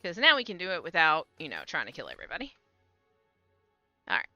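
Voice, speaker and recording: A woman's voice: lowish voice, huge pitch swings, quick pace, pushed and bright. A woman streamer giving casual commentary on her gameplay, chatting to her cats and reading the game's text aloud. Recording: slightly dull home stream mic with faint game music.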